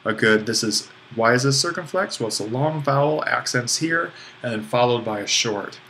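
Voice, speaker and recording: A man gives a relaxed, step-by-step online lesson on Greek accents, pausing on fillers and joking at his own expense. His voice sits in an ordinary middle pitch. A faint hiss of background noise runs under the recording. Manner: explanatory, self-deprecating, with fillers. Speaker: Greek language instructor.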